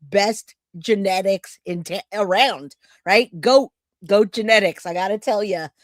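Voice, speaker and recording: Woman host, friendly livestream chatter, mid-pitched, dry close sound. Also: a little slow, no echo. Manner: chatty, rambling, greets viewers by name. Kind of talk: casual live chat with viewers.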